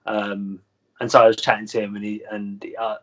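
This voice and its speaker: A wrestler in his thirties, appearing as a guest, rambles through stories in a casual chat, leaning heavily on fillers and laughing at his own tales. His voice is fairly low and fairly bright, with a level tone and a moderate pace.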